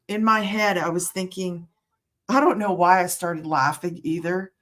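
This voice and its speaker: Middle-aged woman, regular vlog host, chatty and meandering, breaks off mid-sentence, quick to laugh. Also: lowish voice, fairly bright tone. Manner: rambling, self-interrupting, laughs often. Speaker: work-from-home business promoter. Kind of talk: casual livestream chat.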